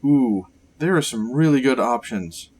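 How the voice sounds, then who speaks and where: A man hosting a let's play, reading game text aloud and thinking out loud over choices. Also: mid-range voice, expressive, measured pace, breathy edge. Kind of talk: casual game commentary and reading.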